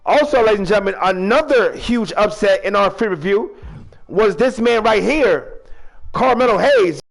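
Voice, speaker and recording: A man with a high, gravelly voice hosts a fan-made wrestling show in loose, rambling chat. His pitch swings widely, and he draws out booming ring-announcer calls. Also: animated, normal speed. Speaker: host of a fan video-game wrestling show. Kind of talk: casual hosted recap with announcer flourishes.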